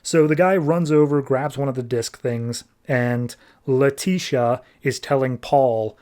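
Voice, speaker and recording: A man's voice: mid-range voice, fairly even intonation, a little mellow. A man hosting a podcast, casually recapping a comic book issue in a loose, chatty way, often saying "like" and paraphrasing the characters. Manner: loose, chatty retelling with frequent "like" and quick paraphrased quotes. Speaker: podcast host reviewing comics.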